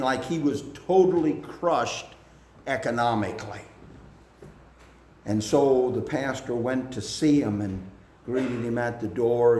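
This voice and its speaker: A man preaching a sermon in a slow, deliberate way, building up in pitch and force at the high points. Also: darkish tone, echoey room, slight background noise.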